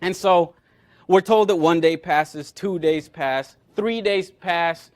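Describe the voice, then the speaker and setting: A man with a high-pitched voice preaches a sermon. He retells a scripture story with energy and acts out the characters' lines as he goes. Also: slow pace. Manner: animated, acts out quoted characters. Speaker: pastor.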